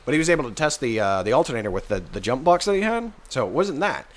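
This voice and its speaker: Podcast guest, male; lively storyteller with a swinging pitch who mimics people in his anecdotes. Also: fast. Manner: animated storyteller, acts out voices in his anecdotes. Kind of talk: casual chat.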